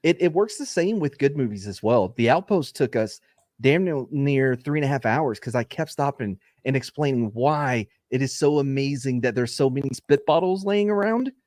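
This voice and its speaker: A man's voice: mid-range voice, lively intonation, normal speed, darkish tone, no echo. Dry-voiced podcast man. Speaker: podcast panelist. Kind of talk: casual chat.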